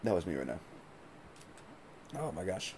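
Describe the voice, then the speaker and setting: A man's voice: sits low, big pitch swings, moderate pace, darkish tone, a little hiss or hum. A man streaming a video game live, chatting casually and swearing freely as he plays. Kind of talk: casual live gameplay commentary.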